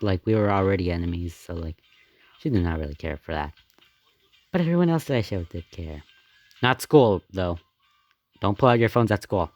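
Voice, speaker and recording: A man giving casual reaction commentary on his own old animation, excitable and rambling, often laughing and gasping between thoughts. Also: on the low side. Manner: excitable and rambling, with many fillers, laughs and gasps.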